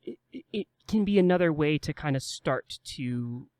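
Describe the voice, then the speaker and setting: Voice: medium pitch, expressive, normal speed, a little mellow, dry recording. A podcast co-host giving casual advice, explaining step by step and acting out a new player's inner questions.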